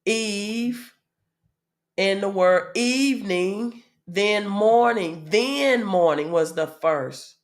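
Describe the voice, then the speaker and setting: A woman with a medium-pitched voice and a Southern US accent takes her time through a casual spiritual teaching, with few pauses. Her talk is dotted with "um" fillers and regular "right?" checks aimed at the audience.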